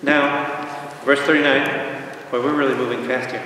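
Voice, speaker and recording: Animated priest echoing from far off. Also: male voice, medium pitch, a little slow, a crowd in the background. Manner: animated, asks the audience questions, acts out quotes. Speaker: priest teaching Bible study. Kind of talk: lively Bible study teaching. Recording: echoey hall from far off.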